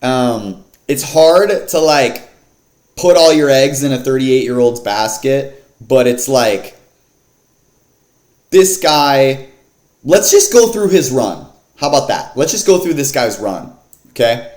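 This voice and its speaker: A man talking through fight picks in a loose, slangy way, full of fillers and asides. His voice sits at an ordinary middle pitch. The room around him is echoey. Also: expressive, slow, a little mellow. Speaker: MMA fight picks vlogger. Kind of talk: casual fight card breakdown.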